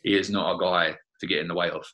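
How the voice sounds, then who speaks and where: Deep, bright-toned man reminiscing. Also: fairly even intonation, quick pace, rough recording. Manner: chatty, fills with "you know" and "like that, like". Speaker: former teammate. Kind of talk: reminiscing interview.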